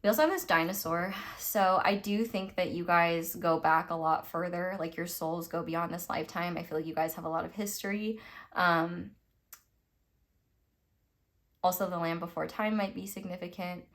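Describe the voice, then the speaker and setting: A woman's voice: fairly low pitch, fairly even intonation, fairly quick. A young woman from the United States giving a casual, rambling tarot reading, full of fillers and little laughs. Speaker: tarot reader.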